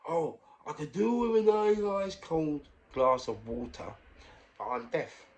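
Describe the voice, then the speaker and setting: A man voicing a frail elderly male patient just waking from a coma, with a thin, croaky, halting voice. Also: fairly high pitch, sing-song, a little mellow, pitched above the performer's own voice. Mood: weak, eager. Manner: halting, feeble replies.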